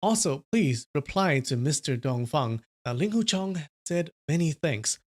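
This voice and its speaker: A courteous young swordsman headmaster, earnest and open-hearted, turning down gifts with polite insistence, as a man reading a story aloud puts him on. The voice sits a little higher than a plain reading voice. It is a livestream storybook reading. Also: expressive, a little slow, darkish tone. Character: young male sect headmaster, carefree and polite.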